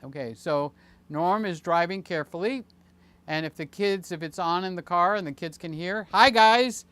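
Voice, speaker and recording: A man in his late sixties hosting a casual livestream, chatting in a rambling, jokey way with many fillers and sudden excited jumps. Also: sits high, normal speed. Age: 60s. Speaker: channel host.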